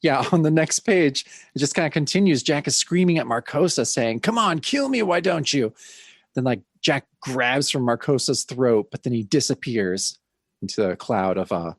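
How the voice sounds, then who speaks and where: Relaxed male podcast co-host. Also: medium pitch, normal speed, no room sound, studio quality. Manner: relaxed, hesitant with fillers. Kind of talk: casual comic book discussion.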